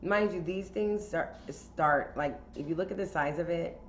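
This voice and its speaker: A woman with a lowish voice recounts a casual story for a podcast at a moderate pace, chatting candidly with lots of fillers and profanity. The sound is roomy and dull, with some faint noise.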